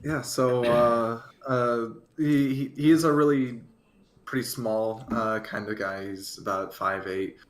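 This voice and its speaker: Slow, hesitant male player. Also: medium pitch, steady tone. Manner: hesitant, describes his character slowly.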